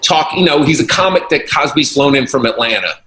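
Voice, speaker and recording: Comedian guest, male, bright voice, lively anecdote, roomy echo with faint noise. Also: on the high side, fairly quick. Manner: animated, acts out quoted voices, laughs often. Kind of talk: casual storytelling.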